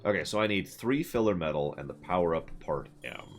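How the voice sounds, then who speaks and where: A man with a low, expressive voice talks briskly as he casually comments on his game for stream viewers. He rambles, gets sarcastic, and laughs now and then, with music playing in the background.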